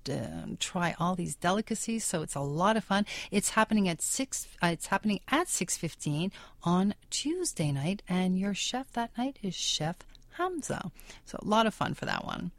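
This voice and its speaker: A woman's voice: on the low side, big pitch swings, normal speed, no echo. Bubbly woman radio host. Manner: bubbly and enthusiastic, laughs often. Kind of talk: casual radio chat. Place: radio studio.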